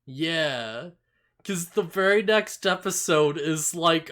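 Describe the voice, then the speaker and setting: A man co-hosting a casual anime recap podcast, chatty, full of "like" and quick laughs. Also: fairly high pitch. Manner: laughs often, filler-heavy, animated retelling. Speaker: podcast co-host.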